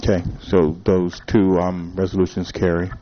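Deep-voiced mayor running a council vote. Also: male voice, little pitch movement, lo-fi sound, a little hiss or hum. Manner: brisk procedural. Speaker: mayor chairing a council meeting. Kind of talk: chairing a public meeting.

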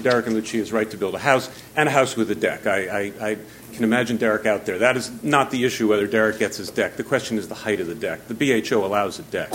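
A man representing neighborhood associations at a public hearing, out of breath, apologetic and halting with many fillers. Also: on the low side, slight background noise. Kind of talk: public comment testimony.

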